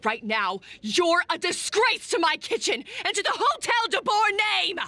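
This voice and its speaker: A harsh, shouting head chef. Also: female voice, extremely high pitch, big pitch swings, normal speed, heavily acted. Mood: furious. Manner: shouting, scornful. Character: harsh bossy female head chef, young adult.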